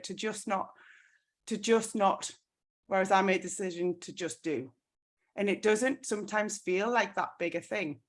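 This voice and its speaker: Animated woman telling a story. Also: medium pitch. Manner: animated storytelling, many "like" fillers. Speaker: network marketing team leader. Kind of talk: motivational talk on a team call.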